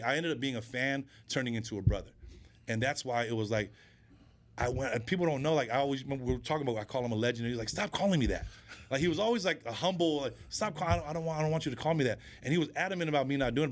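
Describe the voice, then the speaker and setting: Man, podcast guest, rapid speech, lively storyteller, casual chat. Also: medium pitch. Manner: animated storyteller who acts out quoted voices.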